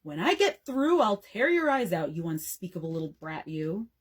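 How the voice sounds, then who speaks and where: A woman's voice: fairly low pitch, big pitch swings, moderate pace, slightly rough, voice pushed down. A woman playing a two-faced teenage girl. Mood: enraged. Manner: scornful snarling and honeyed cooing. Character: furious older sister, then syrupy sweet.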